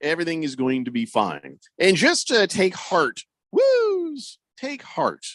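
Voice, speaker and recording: A man's voice: a little high, huge pitch swings, measured pace, fairly bright tone, no echo. A man hosting casual sports radio banter, joking and reading out listener messages on a studio microphone. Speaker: radio host.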